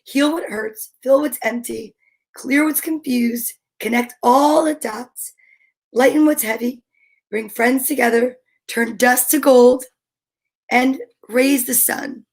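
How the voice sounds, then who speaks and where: A woman hosting a show for young viewers, talking with gushing excitement and frequent gasps. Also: high-pitched, takes it slowly, vocal fry. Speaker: children's show host. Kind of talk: enthusiastic talk to young viewers.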